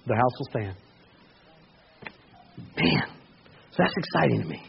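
A man preaching a sermon in a conversational way, with asides, who rises to loud, excited shouting. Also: mid-range voice, moderate pace, vocal fry, pauses often, husky. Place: church sanctuary. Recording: dull lo-fi church recording.

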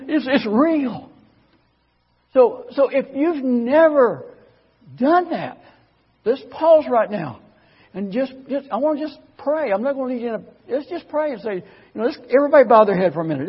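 A man with a high, husky voice preaches in a church, sharing his testimony in a folksy, chatty way and often stumbling over his first words. The audio is dull and lo-fi. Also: animated, normal speed, big-room sound. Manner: folksy, conversational storytelling with stammered restarts. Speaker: guest preacher. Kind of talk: sermon with personal testimony.

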